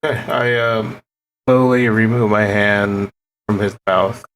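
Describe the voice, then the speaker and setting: A man's voice: on the low side, fairly even intonation, a bit bright, low-quality recording. Young male player, hesitant and casual, slight noise behind. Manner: casual, halting, repeats words. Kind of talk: playing a tabletop game.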